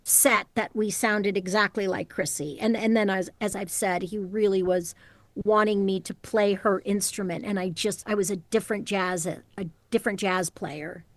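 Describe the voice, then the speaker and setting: A middle-aged woman voice actor chats in an animated, storytelling way. She speaks at an ordinary pitch for a woman. Her voice is recorded close and dry in a small home booth. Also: normal speed, dry recording. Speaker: voice actor guest. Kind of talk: casual interview chat.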